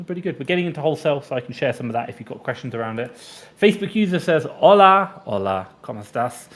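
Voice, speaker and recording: A man hosting a casual live question-and-answer stream, chatty, breaking off mid-sentence and reading viewer comments aloud. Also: mid-range voice. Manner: chatty, self-interrupting, reads comments aloud.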